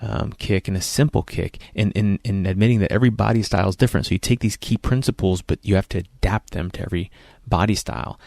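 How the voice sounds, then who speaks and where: A deep, gravelly man hosts a casual podcast interview, upbeat and chatty. His voice sits dry and close, with no room around it. He often stumbles and restarts as he talks. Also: fast talker, few pauses, a little mellow, no echo. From United States. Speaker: podcast host.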